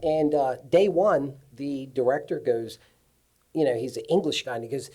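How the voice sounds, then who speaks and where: A man on a cinematography panel, telling lively stories from his career at a live festival event. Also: mid-range voice, moderate pace. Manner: animated storyteller. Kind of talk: anecdotal panel talk.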